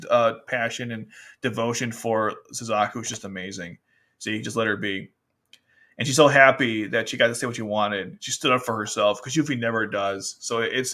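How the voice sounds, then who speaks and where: A man casually reviewing a manga, chatting loosely and acting out characters' lines as he goes. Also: medium pitch. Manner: chatty, animated, quotes characters in exaggerated voices, laughs often. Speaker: anime review host. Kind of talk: casual commentary.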